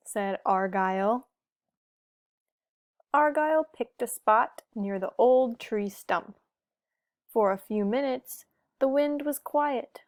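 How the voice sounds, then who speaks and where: Slow-reading woman telling a children's story. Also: fairly high pitch, dry recording, studio quality. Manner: gentle, asks the listener questions. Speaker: storybook reader. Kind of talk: reading a picture book aloud to children.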